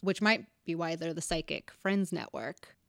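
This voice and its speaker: A woman's voice: lowish voice, moderate pace, creaky, fairly bright tone, no room sound. A young woman co-hosting a podcast in casual chat, telling a story with asides and laughs. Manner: chatty storytelling, reads out facts with asides and laughs. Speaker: podcast co-host.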